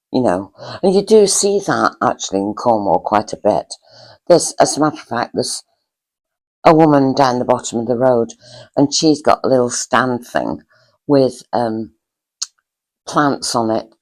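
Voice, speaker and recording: A woman's voice: a bass voice, a little mellow, rough recording. An older woman hosting a cosy storytelling chat, reminiscing fondly in a rambling, hesitant way with lots of fillers. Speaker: storyteller host.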